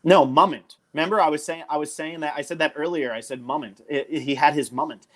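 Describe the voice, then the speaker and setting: Young man from New Jersey, podcast co-host, chatty and rambling, voice sits a bit high. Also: steady tone, quick pace, fairly bright tone. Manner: rambling, enthusiastic, lots of fillers. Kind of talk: casual podcast chat.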